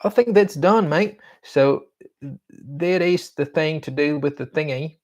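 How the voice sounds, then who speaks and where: A man's voice: fairly high pitch, unhurried, a little mellow. A young man talking to himself while he codes for a vlog, mumbling and humming filler sounds as he types. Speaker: vlogger coding on camera. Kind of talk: casual self-talk while working.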